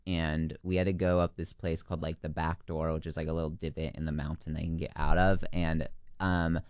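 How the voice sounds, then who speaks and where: A man's voice: very deep voice, flat delivery, a little fast, darkish tone, clean tone, dry recording, studio quality. A young man, a former camp counselor, tells a rambling backpacking story in a casual chat, full of "like" and "um". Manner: rambling, heavy use of "like" and "um".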